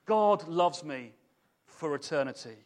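A man with a high, light voice, delivering a sermon in a church. He talks in an animated, conversational way and turns to put questions to the people in front of him. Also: a little slow. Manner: animated, chatty, asks the congregation questions. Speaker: preacher.

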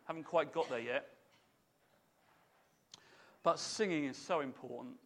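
A man preaching a sermon to a congregation in a lively, chatty way, putting questions to his listeners. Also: a little high, a little slow, slight background noise.

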